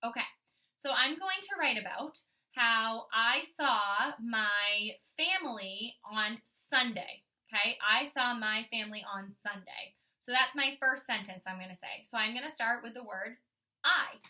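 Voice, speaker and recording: Bright-voiced kindergarten teacher, from a distance. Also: female voice, a little high. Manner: thinks out loud, slow sounding out of letters. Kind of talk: modeling writing for young children.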